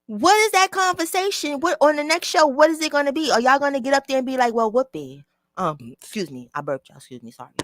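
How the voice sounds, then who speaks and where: This livestream host has a high, animated voice and talks quickly with few pauses, addressing her chat directly with blunt, profanity-laced remarks. A small mic near her mouth gives a dry recording.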